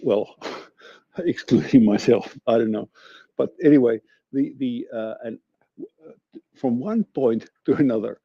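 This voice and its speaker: Gravelly man, dull line. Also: medium pitch, expressive, warm tone, no echo. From Finland. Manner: halting, searching for words. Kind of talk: casual chat.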